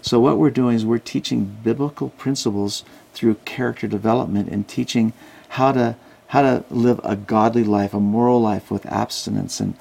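A man guest in a casual interview, telling animated stories and acting out the people he quotes. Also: medium pitch, normal speed, creaky. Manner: animated anecdotes, acts out quoted voices. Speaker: guest, Christian outreach worker. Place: Salt Lake City.

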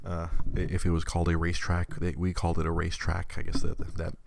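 A man's voice: deep voice, completely flat delivery, fast talker, vocal fry, a little mellow, a little hiss or hum. A man, casually telling a rambling story to viewers, repeating words and laughing often.

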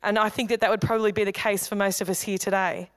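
A woman pastor giving a sermon at a church service, conversational and humorous with quick asides. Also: medium pitch, fairly even intonation, clear, resonant tone, no echo. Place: church hall.

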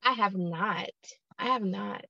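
Gravelly American woman in her thirties. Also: mid-range voice, slow pace, no echo, muffled recording. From Alabama, United States. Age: 30s. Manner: earnest, repeats herself, frequent "um". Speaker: podcast guest, YouTuber. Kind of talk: casual interview chat.

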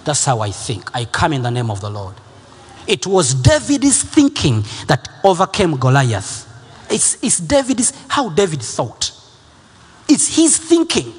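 Fiery preacher, high lively voice. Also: male voice, unhurried, husky, big-room sound. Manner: emphatic and repetitive, rising to shouts. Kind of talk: sermon.

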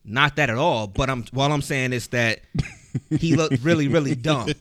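A man from Cleveland leading a casual podcast chat, calm and reflective as he steers the conversation. His pitch sits mid-range, and the mic is dry and close. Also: moderate pace, no echo. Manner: steady, reflective, steering the topic. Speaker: podcast host.

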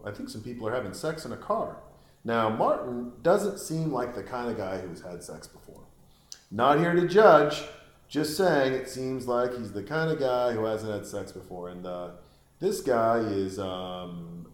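A man giving rambling, crude, joking commentary while watching a film, with sudden high-pitched exclamations. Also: big pitch swings, a little slow, roomy sound. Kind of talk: casual watch-along commentary.

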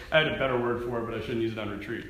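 A priest giving a talk at a retreat, telling a story in an animated way, often laughing and acting out what people said. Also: male voice, medium pitch, fast talker, echoey room, a little hiss or hum.

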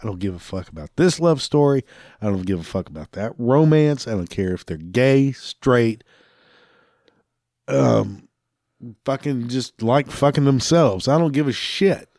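Male host, angry profane rant, dry close sound, middle pitch. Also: expressive, a little slow, darkish tone, dry recording. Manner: angry, swearing heavily, laughing between lines.

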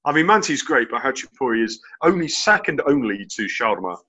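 Male panelist, sharp tone with a husky edge, earnest and rambling. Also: medium pitch, sing-song, a little fast, highs cut off. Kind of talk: sports discussion panel.

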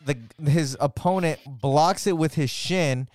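Excitable slangy young man, smooth voice. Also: fairly high pitch, a little slow, no echo, clean studio sound. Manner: excitable, slangy, heavy on "bro" and "oh my God". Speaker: podcast co-host. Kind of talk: casual chat.

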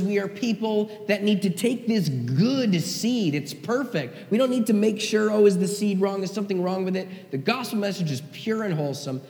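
A male pastor with a rather high, slightly mellow voice preaches a sermon in an echoey hall. He speaks conversationally yet emphatically and frequently checks in with his listeners.

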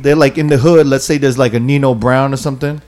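Man, young, slangy, rambling storyteller, mid-pitched voice. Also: fairly even intonation, fast talker, darkish tone. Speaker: podcast co-host telling a story. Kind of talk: casual storytelling among friends.

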